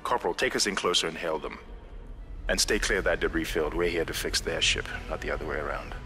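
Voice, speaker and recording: A deep-voiced commanding captain. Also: male voice, bright, forceful tone, big-room sound, faint music behind. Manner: brisk, authoritative. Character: confident male ship commander. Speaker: spaceship commander.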